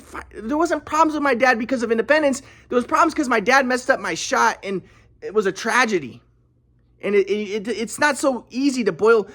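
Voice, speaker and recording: Young man, casual monologue, halting, frequent restarts and repeated words. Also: high voice, fairly bright tone.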